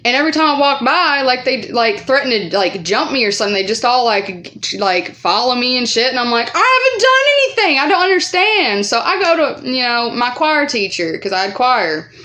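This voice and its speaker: A woman's voice: expressive, moderate pace, few pauses. Rambling, profane woman vlogger. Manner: rambling, profane, many fillers; acts out quoted voices higher and louder. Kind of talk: casual storytime vlog.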